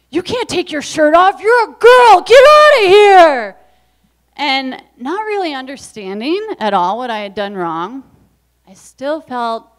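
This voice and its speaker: At an evening event, a woman from the US Midwest tells a personal story, earnest and reflective, acting out the voices she quotes. Her voice sits on the high side, clear and resonant.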